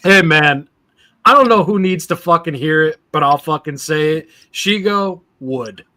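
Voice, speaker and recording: A man's voice: on the high side, measured pace, sharp tone. A man co-hosting a casual pop-culture podcast, joking and crude. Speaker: podcast co-host.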